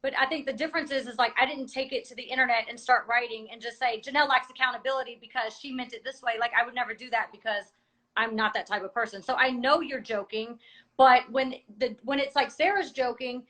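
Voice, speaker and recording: A woman's voice: fairly high pitch, fast, a bit bright, rough recording. A woman in a heated conversation, insistently explaining her side at length. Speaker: cast member.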